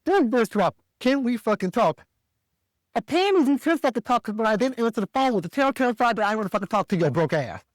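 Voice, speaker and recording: A man from the American South telling a story as a podcast co-host, animated and profane, jumping higher when he quotes himself. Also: quick pace, few pauses, no room sound, studio quality. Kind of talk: casual storytelling rant.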